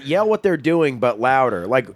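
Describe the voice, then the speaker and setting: A man telling stories in a casual comedic chat on a podcast, laughing often and shouting out quoted lines. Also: mid-range voice, sing-song, moderate pace, no echo.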